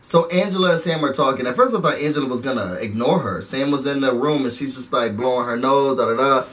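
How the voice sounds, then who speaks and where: A man hosting a casual reality show recap, animated and slangy, laughing often. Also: mid-range voice, quick pace, distant mic.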